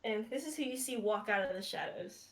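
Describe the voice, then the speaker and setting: A woman's voice: medium pitch, lively intonation, a little fast. A woman running a tabletop game as game master, narrating casually, rambling and laughing often, and swearing.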